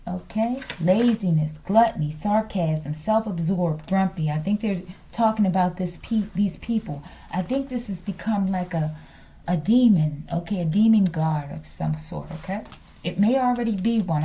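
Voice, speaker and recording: Woman, tarot reader; gravelly, mellow voice; teasing, chatty delivery. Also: on the low side, normal speed, rough recording. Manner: chatty and teasing, tags lines with a repeated "okay?". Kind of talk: casual spiritual tarot reading.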